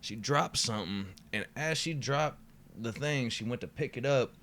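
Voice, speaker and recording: A man's voice: mid-range voice, moderate pace, fairly bright tone. A man co-hosting a podcast, telling a story in a laid-back, profane way and saying "dude" and "bro" often. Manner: laid-back, swears freely, says "dude" and "bro" a lot. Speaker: podcast co-host. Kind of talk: casual storytelling chat.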